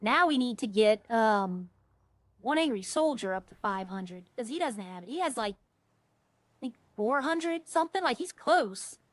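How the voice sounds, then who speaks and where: A woman's voice: fairly high pitch, lively intonation, a little slow, dry recording. A woman streaming a game, chatting casually with viewers and thinking aloud in a rambling way. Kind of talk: casual gameplay chat to viewers.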